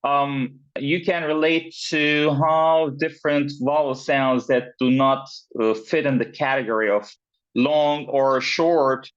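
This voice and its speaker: Male pronunciation teacher, slow and patient, filler-heavy, lo-fi video-call sound. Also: medium pitch, steady tone. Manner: slow, with many fillers and repeated words, checking in with "right?". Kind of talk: online class lesson. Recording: dull, lo-fi sound.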